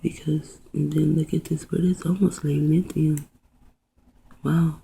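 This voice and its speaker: On a low-quality recording, a video host muses and rambles while reading, spelling words letter by letter, softly exclaiming, and often whispering. The unhurried, mid-range voice is creaky and husky, with little pitch movement.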